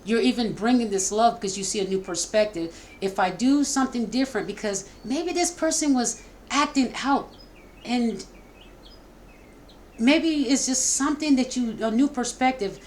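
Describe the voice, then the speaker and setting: A woman's voice: fairly high pitch, normal speed, slight background noise. Emotional woman giving a tarot reading. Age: middle-aged. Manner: warm, repetitive, stumbling, emotional. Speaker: tarot reader. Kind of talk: casual spoken tarot reading.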